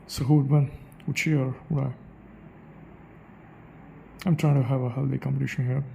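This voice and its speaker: Thinking aloud, this young accent-practice vlogger repeats phrases to test how they sound. He speaks at a normal speed in a flat, creaky, dark mid-range voice, and the recording has slight background noise with the highs cut off.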